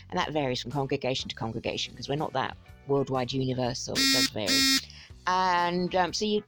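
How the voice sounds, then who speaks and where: A woman's voice: deep voice, vocal fry. A woman giving sarcastic, exasperated commentary on a video she is watching, chatty and scornful.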